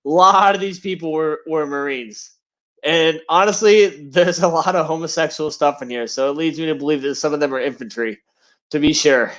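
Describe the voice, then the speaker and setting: A man's voice: a little high, normal speed, fairly bright tone. A man co-hosting a podcast, rambling and joking crudely in casual banter. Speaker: podcast co-host.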